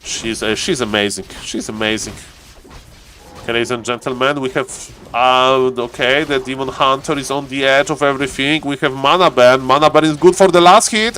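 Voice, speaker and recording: A man with a non-native English accent casting a strategy game live, chatting with viewers and rising in excitement over key plays. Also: medium pitch, moderate pace, smooth. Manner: chatty, greets chat viewers, repeats "ladies and gentlemen". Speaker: game caster and streamer.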